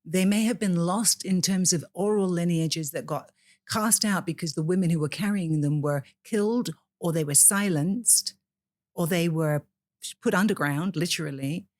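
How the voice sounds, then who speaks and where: A woman's voice: on the low side, normal speed, a little mellow, dry recording, clean studio sound. A woman from the UK, a priestess guest in a podcast interview, speaking in an impassioned, preacher-like way.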